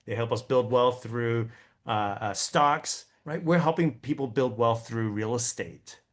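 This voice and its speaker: A man with a medium-pitched, unhurried voice gives a conversational training talk to real estate agents. He's chatty and keeps checking in with listeners, often asking "right?", while stumbling and repeating words.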